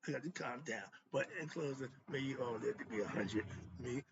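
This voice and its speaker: A man's voice: medium pitch, brisk, vocal fry, muffled recording, heavy background noise. A man hosting a philosophy monologue, talking in casual slang and ranting fiercely as he preaches. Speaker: host.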